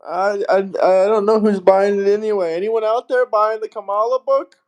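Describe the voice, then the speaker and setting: High-voiced upbeat man on a livestream. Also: steady tone, moderate pace. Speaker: livestream host. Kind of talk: casual livestream chat, reading viewer comments.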